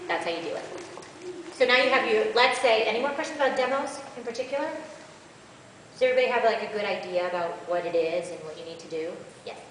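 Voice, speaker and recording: A woman voice actress sits on a convention panel, answering questions in an animated, chatty, rambling way. Her voice is on the low side, and a far-off camera captures her in an echoey hall, with a bit of hiss or hum.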